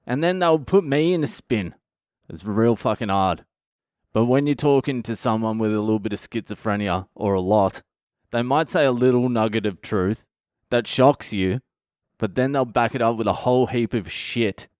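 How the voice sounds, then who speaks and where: A man hosting a comedy podcast, telling a story as a blunt, profane and animated monologue. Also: medium pitch, normal speed, dry recording, clean studio sound.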